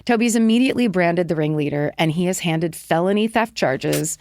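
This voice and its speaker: A woman's voice: fairly low pitch, fairly quick, a little mellow, slight background noise. A middle-aged woman co-hosting a podcast, telling a true-crime case in a chatty way and laughing often as she riffs between notes. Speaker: podcast co-host. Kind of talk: casual true-crime storytelling chat.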